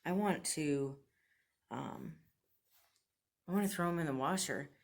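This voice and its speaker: A woman's voice: low voice, a little slow, gravelly. A woman vlogger venting to camera, blunt and frustrated, laughing between complaints. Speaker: fashion subscription box vlogger.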